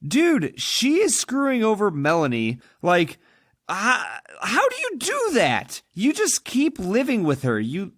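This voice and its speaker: A man's voice: high voice, huge pitch swings, slow, a bit bright, no echo, clean studio sound. A man co-hosting a podcast, talking about a film in an emphatic, opinionated way. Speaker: podcast co-host. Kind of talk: casual film discussion.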